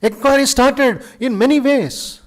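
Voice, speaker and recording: A monk with an Indian English accent giving a lively spiritual lecture to students in a university auditorium, telling stories with dramatic flair. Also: male voice, very high voice, unhurried. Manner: animated storyteller, acts out quoted speech, chuckles.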